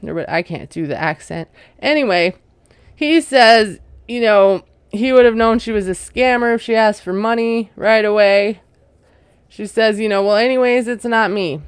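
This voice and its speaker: A woman talks through a reality show recap in a relaxed, chatty way, sprinkling in "like" and "you know". Her voice is smooth and clear at a mid pitch, recorded close and dry with no room sound. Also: unhurried, no room sound. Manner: chatty, retelling scenes with lots of "like" and "you know"; amused, laughing at what she retells. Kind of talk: casual recap commentary.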